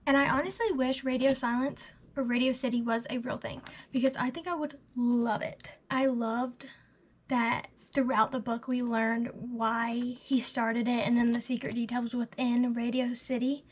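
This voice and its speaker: A young woman of eighteen chats through her monthly book review with a high, light voice. She gushes in a casual, rambling way, leaning on "literally" and "like". Her words often fade into soft, breathy half-whispers. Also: fairly even intonation, normal speed. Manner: gushing and chatty, full of "literally" and "like", trailing into soft half-whispers. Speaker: book vlogger.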